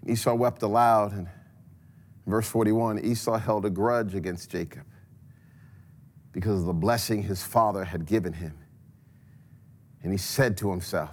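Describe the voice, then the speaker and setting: A man preaching a sermon, telling a scripture story dramatically and swinging between loud passages and hushed ones. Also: fairly low pitch, steady tone, normal speed, long pauses. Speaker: pastor.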